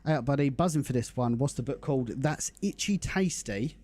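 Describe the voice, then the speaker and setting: A man's voice: mid-range voice, animated, a little fast, a little mellow. A young man hosting a game live stream, chatting casually and greeting viewers in the chat by name. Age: young adult. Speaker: livestream host.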